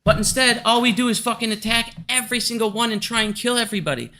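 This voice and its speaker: Very high-pitched and fast, his pushed, bright voice carries a furious vlog rant about stocks. The commentator swears constantly, stays heated, and pushes back aggressively at his detractors.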